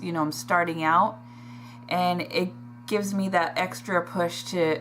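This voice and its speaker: A woman talking in a personal video diary, emotional and halting, pausing and sighing as she speaks. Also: fairly low pitch, fairly even intonation, fairly bright tone, faint music behind. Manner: emotional, halting, with sighs and restarts. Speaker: vlogger.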